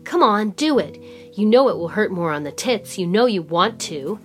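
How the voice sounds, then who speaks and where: A woman's voice: mid-range voice, expressive, normal speed, lightly acted. A woman doing a brash, taunting older sister. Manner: taunting, crude and pushy. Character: brash bold young woman, provoking her sister. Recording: music playing underneath.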